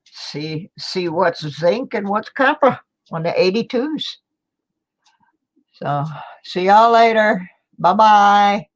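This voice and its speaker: A woman's voice: mid-range voice, animated, slow, pauses often. A middle-aged woman chatting casually to viewers from home, rambling and laughing a little as she sorts coins. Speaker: coin roll hunting vlogger. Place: home, indoors.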